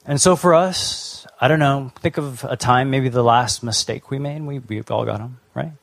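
A man's voice: medium pitch, moderate pace, gravelly, a bit bright, no echo. A young adult man from Canada giving a sermon, telling his own story in a casual, conversational way with fillers and restarts. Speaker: pastor.

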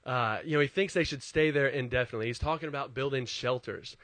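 A male pastor preaching in a relaxed, conversational way, with a voice sitting in an ordinary middle pitch. He tells personal stories with animated, self-deprecating humor, and the sound is close and dry, with no room echo. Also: fast talker. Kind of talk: conversational sermon with personal storytelling.

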